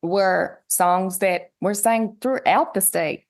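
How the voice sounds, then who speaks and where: A woman's voice: mid-range voice, takes it slowly. Southern woman with a Tennessee twang. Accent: West Tennessee Southern twang. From West Tennessee, USA. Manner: storytelling, animated quoting of others. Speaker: guest musician. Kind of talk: casual interview chat.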